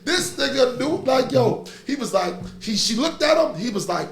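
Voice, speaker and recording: A middle-aged man, hosting a podcast in casual chat and telling stories with animated energy. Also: very high voice, moderate pace, vocal fry, hardly any pauses. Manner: animated storytelling, laughs through stories. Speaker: podcast host. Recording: echoey room with faint noise.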